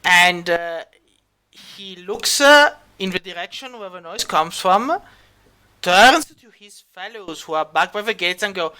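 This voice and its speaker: A man's voice: high-pitched, expressive, unhurried, pushed and bright, clear, resonant tone. A man running a tabletop game as game master, rambling with lots of fillers. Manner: rambling, many fillers, laughs easily.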